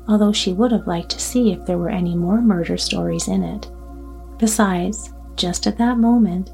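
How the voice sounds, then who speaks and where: A woman narrating a sleep story in a slow, gentle, soothing way. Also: medium pitch. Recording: soft background music.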